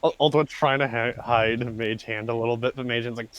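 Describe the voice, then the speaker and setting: A man's voice: mid-range voice, fairly even intonation, brisk, fairly bright tone, smooth, dry recording. A man playing a tabletop game, stammering through plans with laughing asides. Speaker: player.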